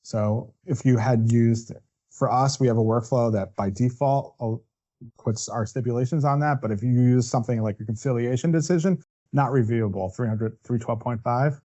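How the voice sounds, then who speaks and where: A man's voice: medium pitch, moderate pace, mellow, dull audio. A man presenting a legal webinar as a defense attorney. He walks through the steps one by one and checks in with asides like "right?". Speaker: workers' compensation defense attorney.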